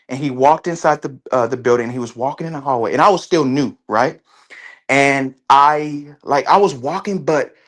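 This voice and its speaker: A man speaking as an interview guest in casual conversation, halting often and restarting his sentences. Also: a little high, a bit bright. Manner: halting, with many restarts and fillers.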